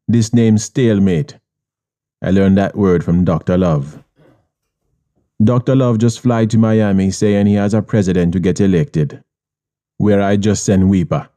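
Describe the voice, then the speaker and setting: A man's voice: fairly low pitch, dark tone. A man with a Jamaican accent narrating an audiobook in first person, hard, streetwise and profane.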